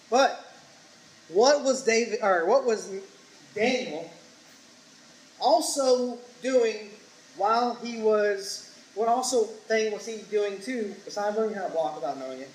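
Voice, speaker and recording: Lively high-voiced preacher man. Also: moderate pace, pauses often. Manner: animated storytelling with acted-out quotes and sound effects. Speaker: pastor. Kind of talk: sermon.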